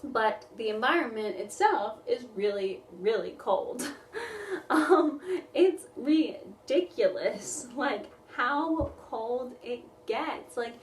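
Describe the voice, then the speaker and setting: A woman's voice: on the high side, expressive, slow, far from the mic. A chatty woman vlogger who rambles in a casual, laugh-filled way. Her voice sits a little away from the mic in a roomy, echoing space. A faint room hum sits underneath. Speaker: music therapist vlogger. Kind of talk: casual chat to camera. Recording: roomy echo, voice somewhat off-mic.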